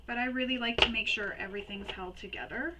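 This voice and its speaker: Higher-voiced woman explaining sewing steps. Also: quick pace, heavy background noise. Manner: chatty, repeats and recaps steps. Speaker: sewing tutorial host. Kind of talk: step-by-step sewing tutorial.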